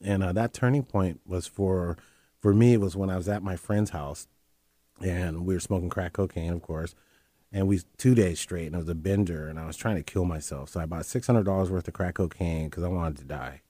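Deep dark-voiced man telling his story. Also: a little fast, dry recording, clean studio sound. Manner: earnest, candid, repeats phrases. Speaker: interview guest.

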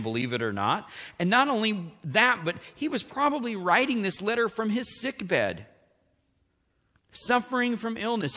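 A man preaches a sermon in a high, bright, forceful voice that swings widely in pitch. He keeps asking the congregation questions. A long hall reverb trails behind him. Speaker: pastor.

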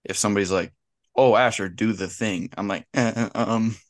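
A man's voice: fairly low pitch, steady tone, normal speed, no room sound, studio quality. A man co-hosting a podcast interview, chiming in with playful, jokey remarks. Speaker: podcast co-host. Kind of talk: casual interview chat.

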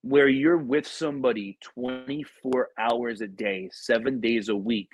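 A man's voice: medium pitch, measured pace, a little hiss or hum, low-quality recording. A young man hosting a podcast, telling stories in casual, profane slang with many fillers. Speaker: podcast host. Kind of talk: casual chat.

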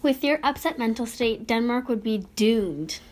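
A woman's voice: on the high side, normal speed, close to an everyday voice. A woman playing a ditzy, vain queen mother. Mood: airy. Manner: airy and dim-witted, cheerfully oblivious. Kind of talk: comedic student skit.

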